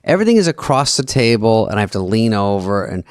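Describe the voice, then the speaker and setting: A man's voice: lowish voice, sing-song, fast talker, clear, resonant tone, no room sound, studio quality. Wry, profane middle-aged man. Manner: wry, profane storytelling with acted-out quotes. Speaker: podcast co-host. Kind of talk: casual chat with anecdotes.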